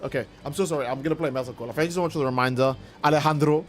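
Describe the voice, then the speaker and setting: A man's voice: fairly high pitch, rapid-fire, slight background noise. A man livestreaming a game, chatting casually and playfully with his viewers in a rambling way. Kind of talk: casual livestream chat while gaming.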